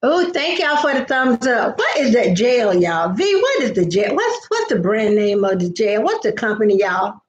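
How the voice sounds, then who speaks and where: A woman's voice: a little high, big pitch swings, moderate pace, hardly any pauses, reverberant, dull audio, slight background noise. An older woman, hosting a casual live chat, greeting viewers by name and drifting into family stories. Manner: chatty, greets viewers by name, storytelling asides. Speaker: livestream host.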